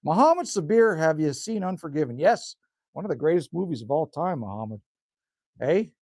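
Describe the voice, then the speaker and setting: A middle-aged Canadian man with a slightly hoarse voice, hosting a live stream from a cabin and chatting casually with viewers in a folksy way. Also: on the high side, very animated, normal speed, darkish tone, no echo, clean studio sound. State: a little hoarse. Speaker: livestream host reading chat. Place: rural cabin indoors.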